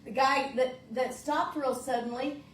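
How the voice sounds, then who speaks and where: A woman minister talks her congregation through a lesson in an easygoing, folksy way, circling back and restarting phrases as she goes. Her voice sits a little high and carries through a roomy church, caught by a microphone some distance away with a faint hum behind it. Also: steady tone, a little slow. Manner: folksy, searching, repeats words when restarting. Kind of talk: conversational sermon. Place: church sanctuary.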